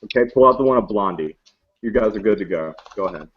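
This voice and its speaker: A man's voice: fairly low pitch, animated, husky. Man doing a stoned record store clerk. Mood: apologetic. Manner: drawling stoner talk, quick to anger. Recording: muffled lo-fi recording.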